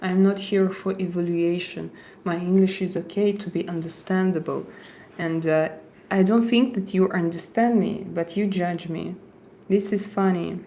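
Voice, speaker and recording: A woman's voice: fairly low pitch, steady tone, dark tone, slight background noise. A woman with a Russian accent hosting a casual livestream, answering her chat bluntly and restarting her words as she goes. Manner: blunt, halting, repeats words while reading chat aloud. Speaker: livestream host reading chat.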